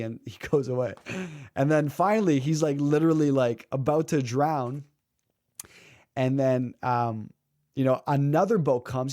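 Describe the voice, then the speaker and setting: Brief: male coach, animated storyteller, does character voices, lots of "um", dry close sound. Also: medium pitch, a little slow, dry recording. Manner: lively storyteller who acts out quoted characters; frequent filler words and restarts. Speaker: public speaking coach. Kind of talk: conversational interview storytelling.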